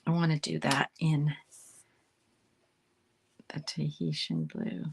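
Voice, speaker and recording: A woman from Canada talks viewers through a card-making project at an unhurried pace, thinking aloud as she colors. Her voice sits a little low, with a gravelly fry, and she often sinks into a soft, near-whispered murmur. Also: sing-song. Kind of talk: casual live craft demonstration.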